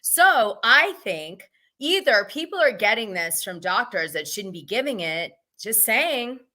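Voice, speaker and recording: Woman, gossip host, casual chat, bright voice, frank, laughs often. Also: on the high side, very animated, measured pace. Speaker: host of a gossip live stream. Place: home, Los Angeles area.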